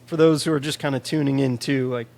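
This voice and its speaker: A man's voice: mid-range voice, fairly even intonation, fast talker, creaky, darkish tone. A man from Chicago co-hosting a podcast, chatting casually about a film, swearing freely and reading out trivia. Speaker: podcast co-host. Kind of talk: casual film review chat.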